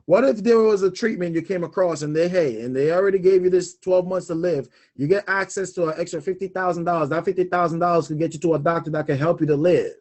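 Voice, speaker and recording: A man's voice: high-pitched, quick pace, few pauses, darkish tone. A young man hosting a personal finance talk show, speaking animatedly and emphatically, laughing often and repeating key points. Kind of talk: casual solo talk on money.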